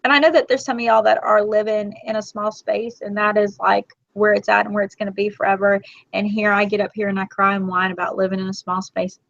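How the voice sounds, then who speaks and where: A woman in her forties hosting a casual live chat, talkative and emotional, quick to tear up. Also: mid-range voice, level tone, creaky, no room sound. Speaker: host. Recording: dull, lo-fi, dry.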